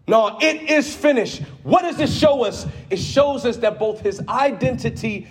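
A man preaching a sermon to a church congregation, swinging between quiet teaching and shouted call-and-response. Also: very high-pitched, lively intonation, unhurried, hardly any pauses.

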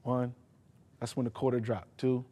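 A man's voice: mid-range voice, little pitch movement, normal speed, warm tone, husky. A man preaching a sermon, emphatic and speaking directly to his congregation in a church. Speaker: pastor. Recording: long hall reverb.

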